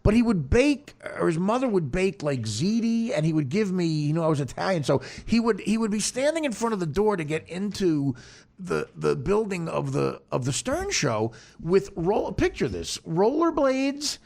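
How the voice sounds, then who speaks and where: A man's voice: high-pitched, very animated, normal speed, gravelly, a little mellow. A man hosting a podcast, telling a long story in a rambling, self-mocking way full of stammered restarts. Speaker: podcast host. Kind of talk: casual storytelling chat.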